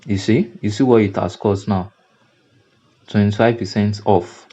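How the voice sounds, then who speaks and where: A low, mellow male voice with a Nigerian English accent guides viewers through a screen-recorded design software tutorial at a relaxed pace and with fairly even intonation. As a graphic design instructor, he repeats and emphasizes ideas, often using fillers and restarting. The recording sounds dull and lo-fi.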